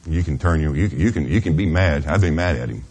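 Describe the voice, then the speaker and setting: A middle-aged man preaching a sermon in a church, earnest and confessional, asking "Amen?" of the congregation and dropping to a hushed near-whisper at tender moments. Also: a bass voice, a little fast, breathy edge. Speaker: pastor.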